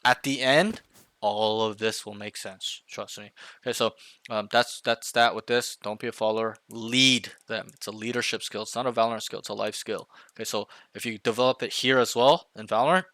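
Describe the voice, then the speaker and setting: In a lowish voice with fairly even intonation, a game coach talks a little fast to his one-on-one student over voice chat. He speaks emphatically, frequently checks in with "right?" and acts out team callouts loudly; there's no echo.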